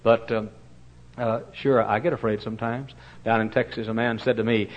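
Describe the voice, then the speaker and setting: A male pastor preaching a storytelling sermon, folksy and animated, with many fillers and sudden loud bursts. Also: mid-range voice, normal speed, dull audio.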